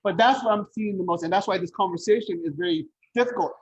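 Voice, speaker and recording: A man's voice: high-pitched, quick pace, husky, lo-fi sound. A man presenting a home buying workshop as a loan officer, talking bluntly and repeating his key points.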